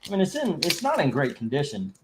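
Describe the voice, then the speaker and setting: A man's voice: fairly high pitch, huge pitch swings, quick pace, background noise. A man hosting a live comic book auction stream, chatting casually in a rambling, joking way and reading out viewer comments. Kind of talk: casual livestream chat.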